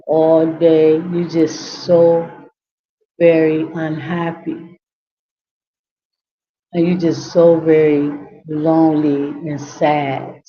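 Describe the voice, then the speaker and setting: A middle-aged woman who works as a community care advocate, speaking to her audience in a slow, comforting, repetitive way. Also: sits low, dull audio. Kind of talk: slow heartfelt talk to camera.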